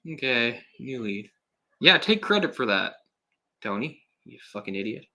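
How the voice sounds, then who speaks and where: Man, young adult, solo movie commentary, sarcastic, exasperated, bright tense voice. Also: medium pitch, big pitch swings, normal speed. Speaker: film commentator.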